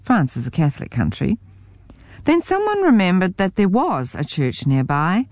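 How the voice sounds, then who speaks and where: Wry low-voiced New woman narrator. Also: wildly swooping pitch, normal speed, a little mellow. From New Zealand. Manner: wry, self-mocking storytelling. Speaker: memoir narrator. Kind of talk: audiobook memoir reading.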